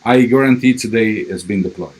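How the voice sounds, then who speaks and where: A man's voice: fairly low pitch, brisk, a little mellow, husky. A man with a strong Italian accent, a crypto project representative giving a livestream update and answering viewer questions, with many fillers and restarts.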